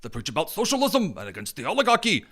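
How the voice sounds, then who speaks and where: A man's voice: on the high side, wildly swooping pitch, quick pace, pushed and bright, husky, full character voice. A man putting on the voice of a doddering old man who rambles on about pudding.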